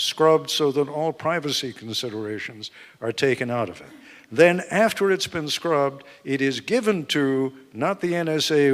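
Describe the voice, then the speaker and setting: A man, an author being interviewed at a live book event, explaining points in a measured, emphatic way. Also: mid-range voice. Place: event hall with live audience. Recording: long hall reverb.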